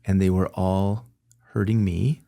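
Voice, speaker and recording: A low-pitched, creaky, dark-toned voice belongs to a man interviewed as a guest, speaking a little slowly with fairly even intonation. He reflects earnestly and candidly, often starting sentences over and adding little laughs as he self-corrects.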